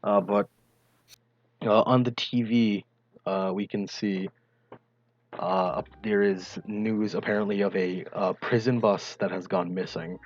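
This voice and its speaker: A man's voice: lowish voice, fairly even intonation, a little slow, dull audio, a little hiss or hum. A man narrating as game master in a tabletop game, hesitant, with many fillers.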